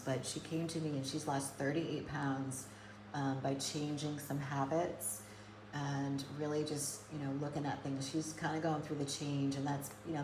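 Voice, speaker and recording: In an indoor grow room, a hydroponic gardener and nutrition coach tends her plants while talking live to viewers. Her very low, gravelly voice rambles chattily as she thinks aloud through each step, with steady noise humming under it throughout.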